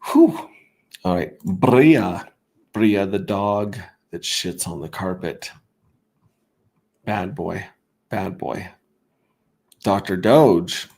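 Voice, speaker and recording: Gravelly low-voiced man rambling on stream. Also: a little mellow. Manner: rambling, self-interrupting, wry asides. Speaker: crypto livestream host. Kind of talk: casual livestream commentary.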